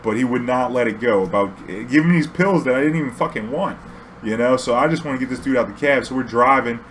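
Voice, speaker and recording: A man's voice: medium pitch, fast, a bit bright, a little hiss or hum. A young man, a taxi driver, telling a casual story in a rambling, profane way and laughing often.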